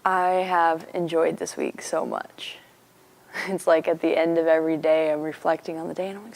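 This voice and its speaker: A young university student from Missouri giving an earnest, chatty personal faith testimony. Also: female voice, deep voice, expressive, moderate pace, gravelly, a little mellow. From Missouri, USA. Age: young adult.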